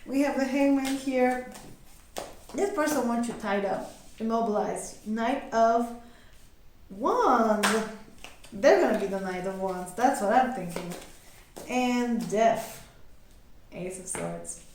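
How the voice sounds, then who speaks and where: A woman's voice: on the high side, lively intonation, takes it slowly, pauses often, a little mellow, heavy reverb, a little hiss or hum. A young woman giving a casual tarot reading, chatty and giggly, acting out little quoted voices. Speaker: tarot reader.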